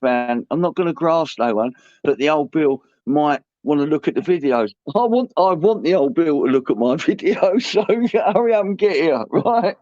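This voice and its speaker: A man's voice: fairly high pitch, a little mellow, dry recording. A man hosting a casual livestream panel, blunt and slangy, laughing as he rants. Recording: dull lo-fi stream audio.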